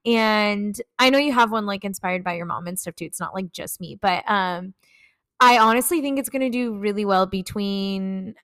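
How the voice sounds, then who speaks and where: A woman's voice: medium pitch, moderate pace, a bit bright, no room sound. A young woman co-hosting a podcast, chatting casually and enthusiastically, with lots of filler words. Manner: enthusiastic, gushing, many fillers. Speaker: podcast co-host, content creator. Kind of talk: casual chat.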